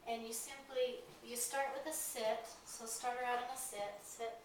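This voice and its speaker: A woman's voice: fairly high pitch, fairly even intonation, moderate pace. A woman dog trainer explaining obedience commands, moving between firm authoritative and chipper upbeat tones. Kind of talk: instructional demonstration. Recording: very echoey, distant mic, clear ambient noise.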